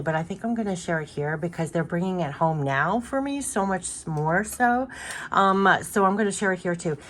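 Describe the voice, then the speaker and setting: A middle-aged woman talks through a spiritual card reading in a loose, chatty way, full of ums and likes. Her voice sits a little low for a woman. She rambles and circles back as she goes. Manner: chatty, rambling, many fillers and "like".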